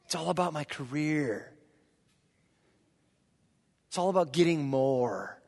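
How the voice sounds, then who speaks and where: A middle-aged man from Indiana preaching a sermon, telling a childhood story with lively, joking asides to his listeners. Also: a little high, takes it slowly, gravelly. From Indiana, USA. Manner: lively anecdotal storyteller, jokes with the audience. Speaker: pastor. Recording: long reverb of a large hall.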